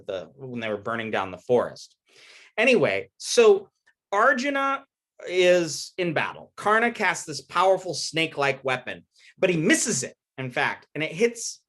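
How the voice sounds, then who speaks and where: A man's voice: on the high side, a bit bright. A man giving a casual recorded lecture, retelling an epic in an informal, storytelling way with slang.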